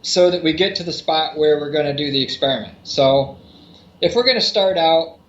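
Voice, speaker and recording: A man's voice: on the high side, normal speed. A man co-hosting a podcast, explaining at length in a rambling way with many restarts. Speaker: podcast co-host. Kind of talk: casual explanatory podcast talk. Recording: echoey, dull lo-fi remote audio.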